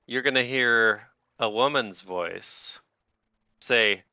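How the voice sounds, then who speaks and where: A man narrating a tabletop game as game master, relaxed and a little hesitant, with fillers. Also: lowish voice, measured pace, smooth, no echo, highs cut off.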